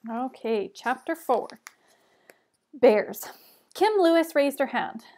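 High-voiced woman reading to kids. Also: lively intonation, slow, mellow. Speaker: teacher reading aloud. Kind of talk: children's book read-aloud.

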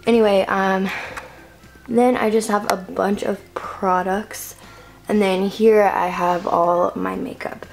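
A woman's voice: medium pitch, steady tone, slow, creaky. A teenage girl giving a rambling, filler-heavy room-tour vlog to a handheld camera in her bedroom. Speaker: vlogger.

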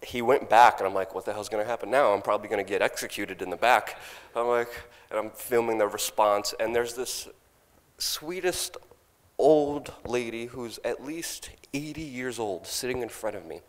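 A young man on stage, animatedly telling a story and loudly acting out his own past lines, with laughs in between. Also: mid-range voice, normal speed. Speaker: speaker at a conference. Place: large conference hall. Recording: long hall reverb.

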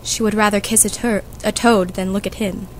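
A woman's voice: mid-range voice, fairly even intonation, slight background noise, lightly acted. A woman playing a fussy, chatty old nurse who complains and teases, reading for a school audiobook. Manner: complaining, teasing, drawn-out.

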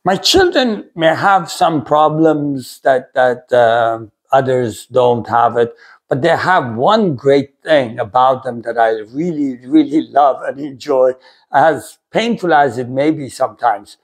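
Earnest middle-aged man, lively pitch. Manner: earnest, halting, many fillers and restarts. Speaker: pastor, ministry video host. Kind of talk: personal testimony talk.

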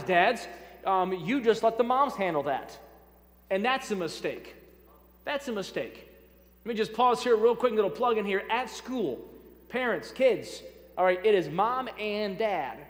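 A male pastor preaching a sermon, emphatic, repeating key phrases and speaking directly to his congregation with light humor. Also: sits high. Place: church sanctuary. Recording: reverberant church hall.

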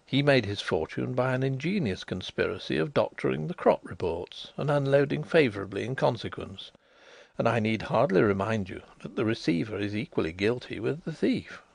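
A man voicing a calm, genial blind gentleman detective who speaks suavely and placidly in an audiobook. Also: medium pitch, normal speed, vocal fry, no room sound.

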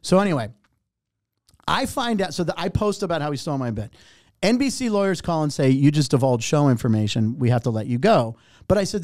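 A middle-aged man, a comedian and warm-up host, telling an animated, profane story and acting out other people's lines. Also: a little high, a little fast, no room sound, clean studio sound. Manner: animated, profane, acts out other voices in anecdotes. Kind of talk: casual storytelling.

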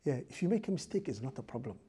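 Male imam, mosque lecture, brisk husky delivery, rhetorical questions, chanted recitation. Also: mid-range voice, very animated, mellow.

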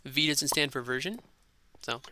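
A man hosting a gaming channel, chatting casually and excitably over gameplay and repeating himself in a silly way. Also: medium pitch, normal speed.

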